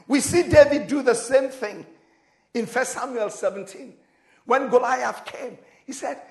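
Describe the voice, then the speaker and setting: High-voiced man preaching in an echoey hall. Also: very animated, normal speed, vocal fry. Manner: preaching with sudden shouted prayers and dramatic voicing of quotes; switches between loud exclamations and quiet, intimate asides. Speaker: pastor. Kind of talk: sermon.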